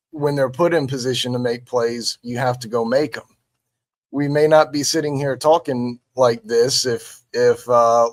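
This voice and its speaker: Male sports analyst, mid pitch, halting delivery, dry sound. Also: no echo. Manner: halting, many restarts and fillers. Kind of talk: casual sports talk.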